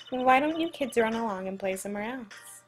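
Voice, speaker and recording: A woman playing a snarky woman detective from a courtroom game, who brushes people off with sarcasm. The voice stays high and deliberate, with soft music under it. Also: animated, close to an everyday voice. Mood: dismissive. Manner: sarcastic, dismissive.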